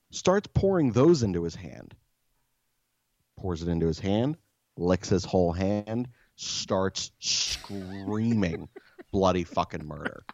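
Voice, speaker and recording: A man's voice: low-pitched, darkish tone, dry recording, lo-fi sound. A man co-hosting a podcast, telling a story in a profane, exasperated rant. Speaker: podcast co-host. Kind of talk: casual storytelling.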